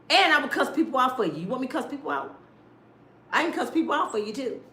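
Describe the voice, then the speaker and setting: A sassy middle-aged woman rants through celebrity gossip, her pitch swooping up and down all the time. Her voice sits a little high and rings in an echoey room. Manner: loud, sassy, rants with acted-out quotes. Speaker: commentator. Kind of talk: casual celebrity gossip commentary.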